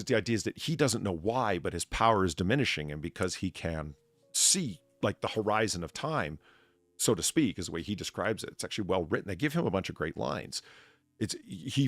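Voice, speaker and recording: Low gravelly man, animated profane ranter, dry mic. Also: a little fast, no echo. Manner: ranting, profane, rambling with restarts. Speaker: podcast co-host. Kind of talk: casual chat.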